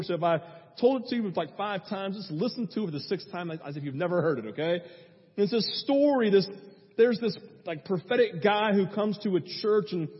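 A man's voice: high-pitched, husky. A man preaching a sermon as a pastor, talking in a conversational way with frequent asides to the congregation. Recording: echoey hall, dull lo-fi sound.

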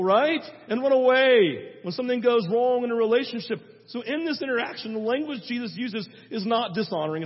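A man preaching a sermon as pastor, in a conversational, animated way, often checking in with the congregation with a quick rhetorical aside. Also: sits high, husky. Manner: conversational, animated, tags lines with "right?". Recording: dull sermon recording in a reverberant hall.

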